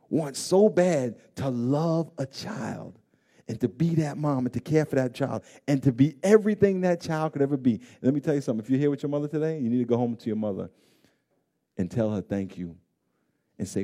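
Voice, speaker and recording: Mellow-voiced pastor preaching with passion. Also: male voice, medium pitch, animated, brisk. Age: adult parent of grown children. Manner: swings from hushed and intimate to loud, pleading emphasis; repeats phrases for emphasis. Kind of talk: sermon.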